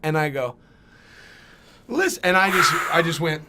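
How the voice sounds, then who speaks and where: A young man telling a comedic story on a podcast, animated and profane, acting out voices. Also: on the high side, fairly quick, very noisy. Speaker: podcast guest.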